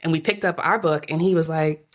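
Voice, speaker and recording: A woman co-hosting a podcast interview, chatting in a relaxed way and laughing often. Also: low voice, a little fast. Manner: giggly, relaxed. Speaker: podcast co-host. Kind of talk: casual interview chat.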